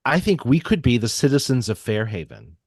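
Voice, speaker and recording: A man's voice: mid-range voice, animated, brisk, no room sound, clean studio sound. A man co-hosting a casual chat, talking in a hesitant way with many ums and restarts. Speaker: podcast co-host.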